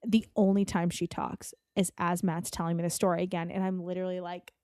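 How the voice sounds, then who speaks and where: A woman guest on a podcast, telling a long anecdote in an animated, profane way. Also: fairly low pitch, fairly quick, smooth, no room sound.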